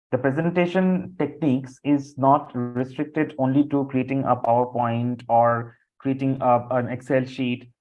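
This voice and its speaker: A man leading a live online training session over a video call, speaking loosely with frequent fillers and restarts. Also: mid-range voice. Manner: loose, repetitive talk with many fillers. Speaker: session instructor. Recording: dull lo-fi call audio.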